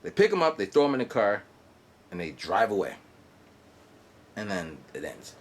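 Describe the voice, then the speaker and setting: Animated, rambling man in his forties. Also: on the low side. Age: 40s. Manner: halting, digressive storytelling with fillers and mouth sound effects. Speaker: vlogger. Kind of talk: rambling monologue. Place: guest house in Japan.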